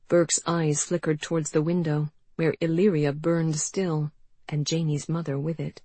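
Low husky woman narrating a novel. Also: no echo. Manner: measured, expressive storytelling. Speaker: audiobook narrator. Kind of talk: scripted narration.

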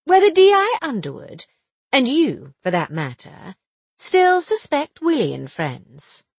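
A quick-witted young woman amateur sleuth, voiced by a woman reader talks in a chatty, teasing way, her pitch swinging widely and running a bit high. The voice is soft and breathy and close to the mic with a dry sound. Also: huge pitch swings, no echo, heavily acted. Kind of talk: audiobook dialogue reading.

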